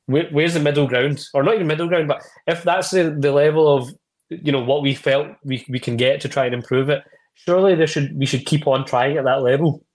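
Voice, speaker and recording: Male panelist, measured and analytical, casual podcast delivery. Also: on the high side, fairly even intonation. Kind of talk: casual football chat.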